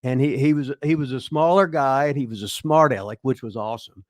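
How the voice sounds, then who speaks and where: A man's voice: medium pitch, fairly quick, dry recording, studio quality. A man in his seventies from Indiana, hosting and telling rambling, profane stories from his past. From Indiana, USA. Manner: profane, rambling anecdotes full of restarts. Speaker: show host telling stories. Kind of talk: casual storytelling chat.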